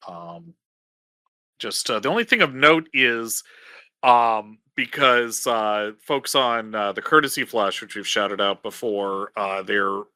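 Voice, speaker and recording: Bright-voiced man rambling on a podcast. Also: on the low side, slow pace, clean tone, no echo, studio quality. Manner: rambling, hesitant, many ums. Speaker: podcast co-host. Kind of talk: casual podcast chat.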